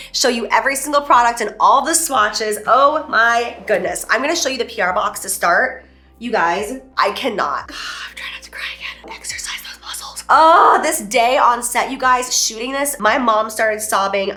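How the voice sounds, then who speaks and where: Bright-voiced woman in her 30s gushing about makeup, talks with lots of emphasis. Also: fairly high pitch. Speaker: beauty vlogger and brand owner. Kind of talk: casual product presentation.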